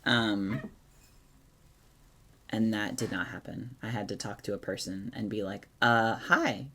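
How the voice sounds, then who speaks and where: A woman's voice: rumbling low, fairly even intonation, unhurried, breathy edge. A woman chatting casually on a live stream, reading chat aloud and giving organizing tips with sarcastic asides. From Oregon, USA.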